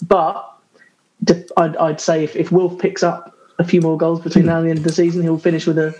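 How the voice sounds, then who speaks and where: Brief: higher-voiced man, podcast panellist, careful and hesitant. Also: level tone, darkish tone, poor audio. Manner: measured, thoughtful, hesitant with many ums. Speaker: podcast co-host. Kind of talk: casual chat.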